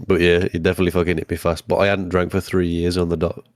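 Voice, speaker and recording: A man's voice: sits low, flat delivery, quick pace, no echo, studio quality. A young man co-hosting a podcast, laid-back and swearing in casual chat. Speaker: podcast co-host.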